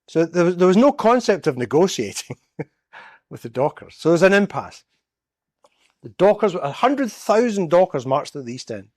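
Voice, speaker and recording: A man's voice: fairly high pitch, a little mellow, dry recording, clean studio sound. A man from Scotland, giving a storytelling public talk as a guest speaker in a church. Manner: storytelling, acts out quoted voices.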